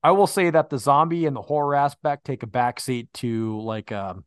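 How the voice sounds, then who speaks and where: A laid-back man in casual podcast chat, mid-pitched, with loose fillers and casual swearing. He keeps getting hit by hiccups and burps. The sound is dry and close. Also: normal speed, clean tone, dry recording. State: hiccuping and burping. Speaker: podcast co-host. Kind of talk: casual movie review chat.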